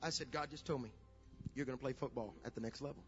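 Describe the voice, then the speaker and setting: A middle-aged man pastor preaching a sermon, telling a story that builds to shouted preaching. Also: mid-range voice, fast talker, faint music behind. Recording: dull lo-fi sound.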